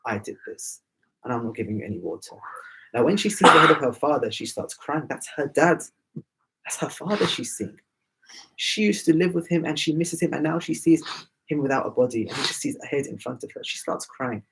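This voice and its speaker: A man's voice: on the high side, expressive, fairly quick, gravelly, fairly bright tone, a little hiss or hum, rough recording. A man storytelling to children at a majlis, emotive and addressing them directly.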